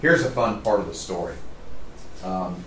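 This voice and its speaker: A middle-aged man telling stories to a live audience as a trainer, in a casual, animated way. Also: low-pitched, moderate pace, a little hiss or hum. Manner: casual, animated storytelling, says "man" often. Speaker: trainer speaking to a group. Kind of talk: storytelling talk to a live audience. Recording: roomy, distant mic.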